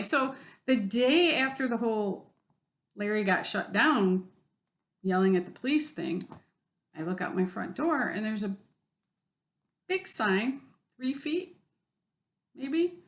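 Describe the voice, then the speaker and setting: A woman's voice: on the high side, expressive, measured pace, pauses often. A woman telling a story in a casual vlog, blunt and exasperated, swearing freely. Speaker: vlogger.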